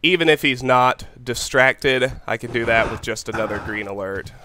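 A man hosting a let's play, calmly and methodically planning his moves aloud as he commentates. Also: medium pitch, moderate pace, noisy background. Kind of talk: gameplay commentary.

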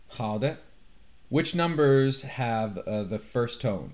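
A man teaching a Chinese lesson, slowly drilling numbers and tones with his students. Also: medium pitch, lively intonation, darkish tone. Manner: very slow and deliberate, modelling tones. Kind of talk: classroom lesson, drilling pronunciation.

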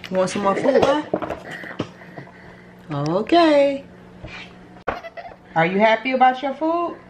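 A woman's voice: sits high, very animated, slow pace. A young woman filming a casual home vlog, talking playfully in baby talk to her little son. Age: young adult. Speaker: vlogger, new wife and mother. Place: at home indoors. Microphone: handheld camera. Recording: noisy home camera audio.

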